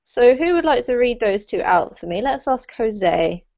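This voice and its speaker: A woman runs a live online pronunciation class, explaining sounds slowly and laughing easily with her students. Her voice sits a bit high, and the video-call audio comes through dull and lo-fi. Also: very animated, gravelly, darkish tone. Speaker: online English teacher. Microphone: computer mic on a video call.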